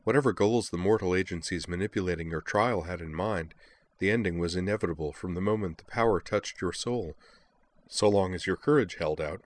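A man reading the gentle, firm lines of a powerful goddess in a story. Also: low-pitched, fairly quick. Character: calm, kind, powerful goddess woman.

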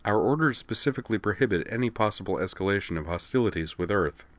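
Man voicing a calm alien officer, soft, formal, measured, very deep. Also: dry recording, close to an everyday voice. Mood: cool formal. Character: calm logical alien officer, female, reserved.

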